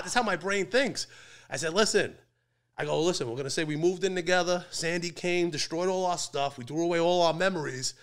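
A man's voice: on the high side, fairly bright tone. A man telling a wild personal story on a podcast, brash and profane, laughing through it. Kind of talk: casual storytelling.

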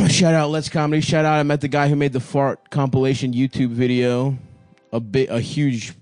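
A man co-hosting a comedy podcast, joking around in a playful, animated way and laughing easily. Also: medium pitch, normal speed, dry recording, soft background music. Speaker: podcast co-host. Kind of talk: crude casual banter.

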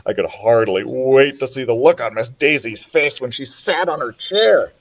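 A man reading a children's chapter book aloud, with an expressive, animated storytelling manner. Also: mid-range voice, moderate pace. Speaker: children's librarian reader.

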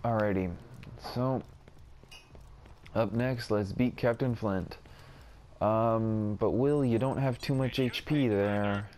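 A man's voice: fairly low pitch, takes it slowly, pauses often, a little mellow, slight background noise. A man casually commenting while playing a video game, chatty and self-deprecating, with mild exclamations. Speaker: gaming video host. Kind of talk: casual let's-play commentary.

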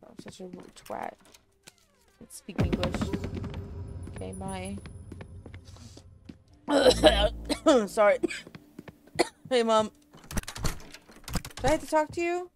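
A woman's voice: on the high side, expressive, slow, pauses often, very noisy. A woman streamer giving casual gameplay commentary, chatty and apologetic, swearing and laughing often. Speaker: streamer playing a horror game.

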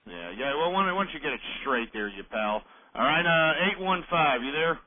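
A man's voice: fairly high pitch, very animated, brisk, a little hiss or hum. A man hosting a call-in radio show, ranting and hurling insults at callers. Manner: abrasive, insulting, belligerent. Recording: tinny phone-like radio audio.

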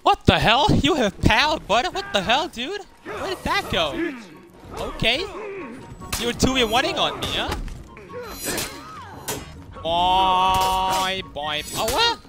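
A young man giving casual gameplay commentary, excitable and trash-talking, swearing often, as a gaming YouTuber. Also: extremely high pitch, slow, long pauses. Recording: game music behind. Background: game music.

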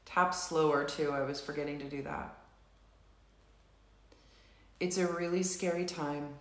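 A woman coaching a live tapping session, saying slow, repeated affirmations for viewers to echo. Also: low voice, steady tone. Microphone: live stream recording.

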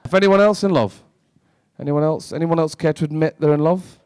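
Man, stand-up comic, quick crowd banter, slightly raised pitch, dry sound. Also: a little mellow, clean tone, no room sound. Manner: brash, sweary, quick banter with the audience. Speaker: stand-up comedian. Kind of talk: stand-up comedy with crowd work. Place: live comedy venue.

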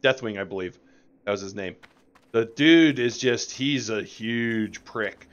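A man's voice: on the low side, a little slow, fairly bright tone, highs cut off. A young adult man streaming a game live, rambling and joking with his chat as he plays. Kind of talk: casual live-stream gameplay commentary.

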